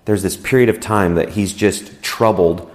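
A man's voice: deep voice, fairly even intonation, normal speed, a little mellow. A man giving a conversational sermon as a pastor, explaining scripture in an easygoing way and often repeating words as he goes.

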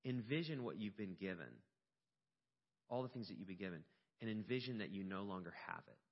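A man's voice: fairly low pitch, fairly quick. A middle-aged man preaching a sermon, telling a personal story with rising emotion. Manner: storytelling, animated and emotional at peaks. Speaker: pastor. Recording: dull lo-fi sound with long hall reverb.

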